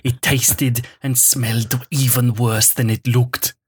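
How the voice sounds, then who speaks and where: A man doing a hoarse, German-accented impression of a grave older documentary narrator, reading a column aloud for comic effect. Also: medium pitch, little pitch movement, no room sound, studio quality. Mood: solemn. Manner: slow, grave, oddly strident reading.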